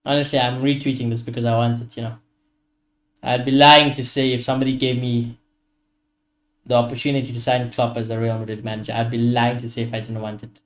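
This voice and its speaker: A man's voice: mid-range voice, level tone, brisk. A young man, ranting animatedly and swearing as he hosts a casual football watchalong stream. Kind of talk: casual live-stream chat.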